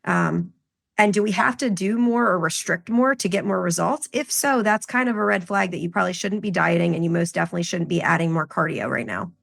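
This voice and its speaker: Low, gravelly woman coaching. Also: fairly quick. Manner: explains with client examples, lively emphasis. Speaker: podcast co-host, health coach. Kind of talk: casual podcast chat.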